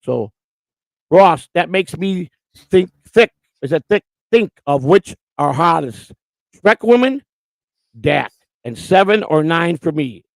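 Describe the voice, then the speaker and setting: A man's voice: a little high, animated, slow pace, gravelly, no room sound. A man hosting a casual live stream, joking and teasing as he reads chat messages aloud on a streaming mic. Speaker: host.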